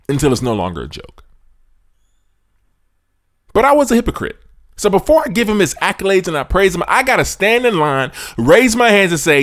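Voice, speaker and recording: A man hosting a sports podcast, delivering a preachy monologue straight to his listeners in casual slang, swinging from loud emphasis to hushed asides. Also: high voice.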